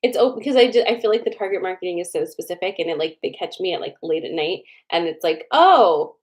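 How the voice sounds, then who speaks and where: A woman's voice: fairly low pitch, fairly even intonation, a little mellow, rough recording. Chatty woman hosting a live card reading. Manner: chatty, greets viewers by name, drawn-out slow repeats of choices. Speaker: livestream host doing card readings. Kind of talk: casual livestream chat.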